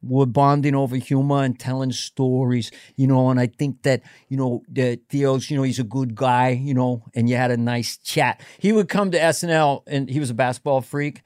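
Brief: middle-aged male comic, mid-pitched, reflective and rambling, dry close mic. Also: fairly even intonation, moderate pace, hardly any pauses, darkish tone, no echo. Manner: reflective, advice-giving, wandering. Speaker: comedian guest. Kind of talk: casual podcast chat.

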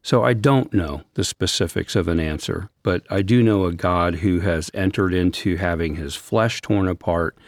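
Deep-voiced man, earnest and gentle. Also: moderate pace, hardly any pauses, no room sound, studio quality. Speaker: Christian counselor and podcast co-host. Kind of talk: reflective faith discussion.

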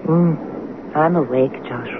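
A spirited French-born general's wife. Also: female voice, low voice, slow. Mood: tender. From France. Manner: affectionate and playful. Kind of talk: old-time radio drama acting. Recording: tinny, noisy old radio broadcast.

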